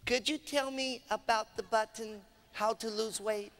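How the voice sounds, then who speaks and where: Man doing a shy, quiet woman shopper. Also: high-pitched, fairly even intonation, measured pace.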